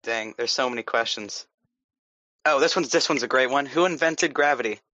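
A man's voice: medium pitch, moderate pace, pushed and bright, dry recording. Playful man on a dull mic. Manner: playful, riffing on jokes. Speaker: podcast co-host. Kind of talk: casual comedic chat.

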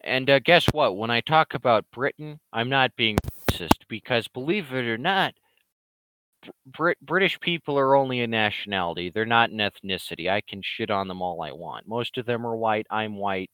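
This man speaks at a medium pitch, expressive and a touch bright, smooth and free of any room echo. He's a comic creator rambling casually to his online fans, swearing a lot and mocking whoever he brings up.

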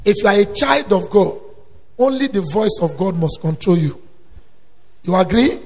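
A male preacher delivering a sermon, swinging between quiet storytelling and loud emphatic exhortation. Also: high-pitched, animated, normal speed. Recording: long hall reverb.

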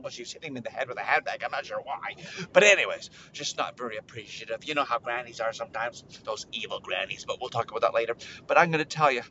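Animated man telling kids' stories. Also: fast talker, highs cut off, a little hiss or hum. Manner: playful, jumps into high character voices. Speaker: children's podcast host. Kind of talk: animated storytelling for kids.

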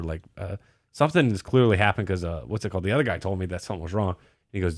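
A man's voice: sits low, racing, no room sound, studio quality. A young man hosting a podcast, telling a crude, rambling story full of swearing and fillers. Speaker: podcast host. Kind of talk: casual storytelling.

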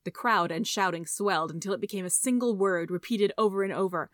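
A woman reading a story aloud in a steady, measured narration. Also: medium pitch, no echo, clean studio sound. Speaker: audiobook reader.

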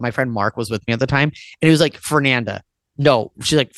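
A man's voice: medium pitch, brisk, fairly bright tone, no echo. A man in his thirties chats as a podcast guest, rambling from one memory to the next with plenty of "like" and cursing. The recording is dry and close, with no room sound. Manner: rambling, swears often, fills with "like". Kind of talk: casual podcast chat.

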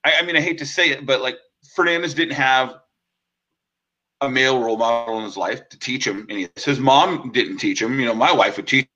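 Guy on a podcast telling a funny story, bright voice, kinda muffled lo-fi sound. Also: mid-range voice, fairly quick. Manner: animated, acts out quotes with many fillers. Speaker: podcast co-host. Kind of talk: casual chat, storytelling.

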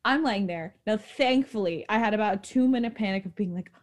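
Fast-talking young woman telling a story. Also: medium pitch. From New York. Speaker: podcast co-host. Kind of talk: casual storytelling chat.

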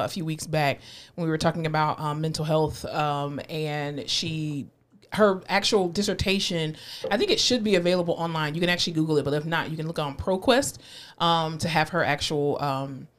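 Chatty woman podcast co-host, slightly low. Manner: chatty, swears freely, laughs often. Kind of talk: casual chat.

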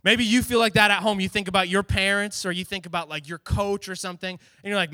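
Youth pastor, male, high bright voice, lively storytelling sermon, dry close sound. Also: fast, hardly any pauses, dry recording. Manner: animated, acts out quotes.

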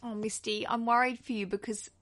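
A woman's voice: fairly high pitch, fairly even intonation, fairly quick, a bit bright. A woman in her thirties with an Australian accent, hosting a podcast in a chatty, effusive way. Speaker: podcast host. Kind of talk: casual podcast chat.

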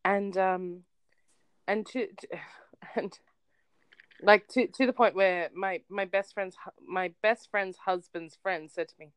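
Australian woman co-host, chatty storyteller, mid-pitched, very dry close-miked sound. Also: slow, clean tone, no echo. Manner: animated storyteller, laughs often. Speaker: podcast co-host. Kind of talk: casual chat.

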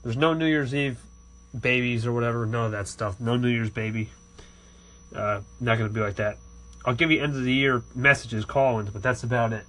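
A man hosting an online station who works through listener call-ins. He keeps a casual, chummy tone and loops the same friendly send-offs. His voice sits at an ordinary middle pitch. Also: fairly even intonation, fairly quick, a bit bright. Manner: friendly, repetitive sign-offs. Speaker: podcast host reading call-ins. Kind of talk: casual call-in shout-outs.

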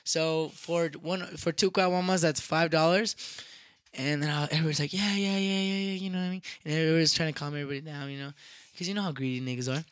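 A young man casually telling a rowdy story, profane and animated, acting out what people said. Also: fairly high pitch, fast, no room sound. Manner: animated, profane, acts out quotes loudly.

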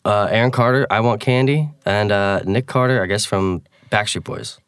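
A young man on a casual podcast, an animated storyteller who acts out voices and swears casually. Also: lowish voice, moderate pace, clear, resonant tone, dry recording.

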